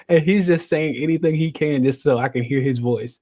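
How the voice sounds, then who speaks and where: A man's voice: medium pitch, normal speed, pauses often, dark tone. A man in his thirties telling a personal story as a guest, joking and acting out the other people's voices. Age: 30s. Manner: jokey, acts out voices, laughs often. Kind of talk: animated storytelling.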